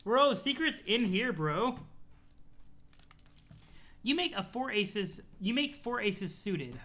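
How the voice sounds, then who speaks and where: A streamer casually chatting with viewers and reading a webcomic aloud, in an animated, chatty way with casual swearing. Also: mid-range voice, slow pace. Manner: thanks chat followers, talks to viewers.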